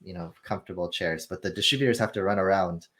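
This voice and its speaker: A man casually explaining the film business as an interview guest, telling animated anecdotes and acting out the dialogue. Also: sits low, fast, slight background noise. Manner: animated storytelling, acts out dialogue.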